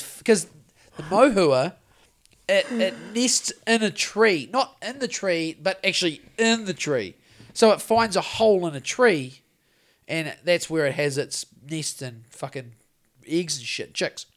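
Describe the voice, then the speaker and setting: Podcast co-host, New Zealand man, fairly high voice, swears freely, rambles and jumps between stories. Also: moderate pace. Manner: sweary, rambling, animated storytelling. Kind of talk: casual chat.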